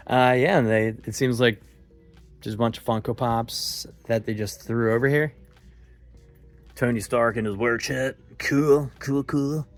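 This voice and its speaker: A young man with a Philadelphia accent, chatting excitedly as he walks store aisles and films on his phone. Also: mid-range voice. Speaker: vlog host. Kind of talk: casual walk-through vlog.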